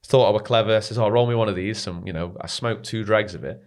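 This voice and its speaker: A young man rattles through a personal story at a quick clip. His voice sits on the low side, and his talk is loose and animated, with "mate" and the odd swear word thrown in. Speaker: podcast guest. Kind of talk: casual storytelling.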